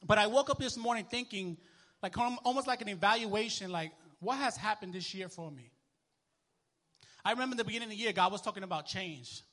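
Animated high-voiced male preacher. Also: brisk. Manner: animated, conversational preaching with sports illustrations and call-and-response. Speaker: minister. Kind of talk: sermon. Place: church.

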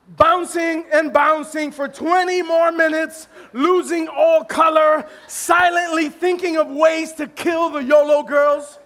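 In a humorous sermon, a very high-voiced pastor recounts a funny story to his congregation. He's lively and pokes fun at himself, laughing, tripping over restarts, and shouting when he hits the punchlines.

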